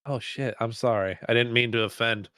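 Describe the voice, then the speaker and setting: A man's voice: mid-range voice, steady tone, normal speed, a bit bright, no echo, studio quality. A young man co-hosting a podcast in casual chat, joking, laughing often and swearing casually. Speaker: podcast co-host.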